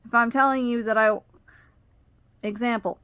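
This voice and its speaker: A middle-aged woman telling personal family stories, rambling with many ums and you-knows, her voice climbing high and loud when she gets worked up. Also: steady tone, normal speed, smooth, no echo, clean studio sound. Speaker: vlogger. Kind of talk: personal storytelling.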